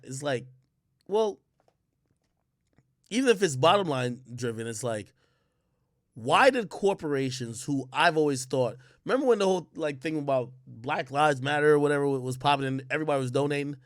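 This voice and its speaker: A man's voice: on the high side, expressive, moderate pace, no echo, studio quality. A man giving an emphatic, slangy opinion rant as a streamer, rambling and restarting his sentences. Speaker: streamer and commentator.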